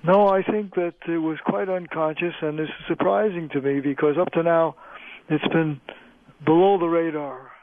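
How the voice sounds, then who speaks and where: An older man, a linguist, explaining things in a measured lecturing way during a phone-in radio interview. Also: a little high, fairly even intonation, dry recording. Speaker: linguist guest. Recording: tinny phone line.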